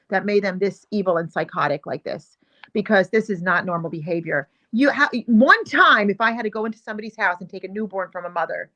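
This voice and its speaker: A woman's voice: mid-range voice, fairly bright tone, dull audio. A woman hosting a show, giving heated, emphatic commentary on video clips and repeating her points with indignation. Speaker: show host.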